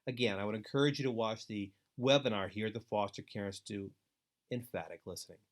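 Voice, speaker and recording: A man giving an instructional webinar talk to foster parents, earnest and deliberate, with steady advising emphasis. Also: fairly low pitch. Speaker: foster care trainer.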